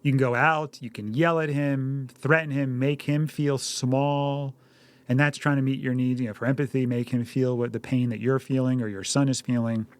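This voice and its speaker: A man's voice: medium pitch, flat delivery, moderate pace, no echo. Earnest man telling parenting stories. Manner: earnest, storytelling, acts out dialogues. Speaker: podcast co-host, parent. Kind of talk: conversational parenting talk.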